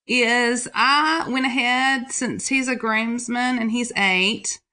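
A woman's voice: a little high, fairly even intonation, slow pace, sharp tone. A middle-aged woman, animatedly telling stories in a casual chat and laughing often.

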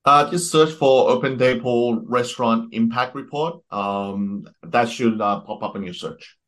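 A man's voice: mid-range voice, a little slow, a bit bright. A man, a company executive, giving hesitant interview answers with many fillers.

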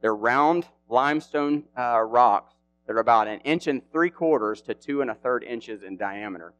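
A man's voice: medium pitch, moderate pace. Slangy, conversational male preacher. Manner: animated, slangy and conversational, with frequent fillers. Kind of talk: casual sermon.

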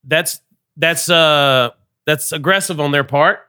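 A man's voice: fairly high pitch, slow, bright, forceful tone, smooth. A young man co-hosting a podcast, asking questions and defending himself in casual chat. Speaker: podcast co-host.

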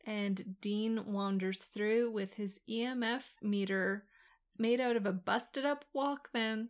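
Slow-talking woman in casual chat. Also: medium pitch, clean tone. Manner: relaxed, rambling, laughs often. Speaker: podcast co-host. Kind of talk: casual chat about a TV show.

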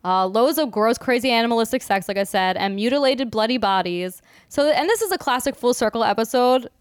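A woman's voice: fairly high pitch, animated, fairly quick, clear, resonant tone, no echo. A young woman co-hosting a podcast, chatting casually about films, swearing freely and laughing often. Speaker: podcast co-host. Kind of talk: casual film review chat.

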